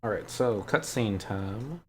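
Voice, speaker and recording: A man streaming a video game, thinking out loud in a casual, musing way as he weighs his choices. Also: on the low side, lively intonation, slow, slight background noise. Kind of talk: casual live-stream commentary. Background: faint game music.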